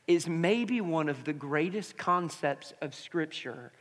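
High-voiced pastor preaching in a hall. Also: male voice, animated, takes it slowly, fairly bright tone. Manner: prays then tells a family story. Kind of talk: sermon. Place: church sanctuary with congregation. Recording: reverberant church hall.

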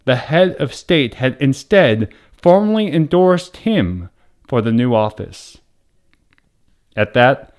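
A man, a priest hosting the show, reading a wholesome story aloud in a measured, dramatic storytelling voice. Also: on the high side. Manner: measured, dramatic storytelling with raised voice for quoted shouts. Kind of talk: scripted story narration.

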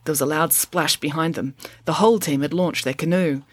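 A woman narrating a children's adventure book in an expressive storytelling manner. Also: low-pitched, a little fast, no room sound. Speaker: audiobook narrator.

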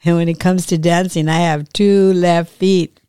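Woman voicing a nervous young man, shy, earnest, low voice, dry sound. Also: steady tone, a little slow, dark tone, clear, resonant tone, no room sound, close to an everyday voice.

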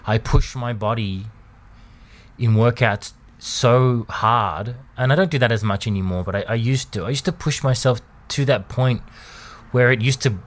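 A man, talking candidly in a personal monologue, hesitant, often restarting and repeating words, with soft laughs. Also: medium pitch, moderate pace. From Australia. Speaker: vlogger.

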